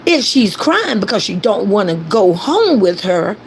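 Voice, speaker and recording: A woman's voice: medium pitch, sing-song, a little slow, slight background noise, low-quality recording. A woman hosting a commentary stream, ranting emphatically and repeating points while calling on her chat to agree. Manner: emphatic, repetitive, addresses chat directly. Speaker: commentary host.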